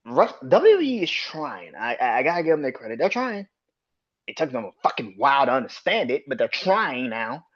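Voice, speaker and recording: Solo podcast host, male, mid-pitched voice, profane heated rant, slightly muffled home recording. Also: sing-song, moderate pace. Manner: profane, heated, swings from low mutters to sharp outbursts.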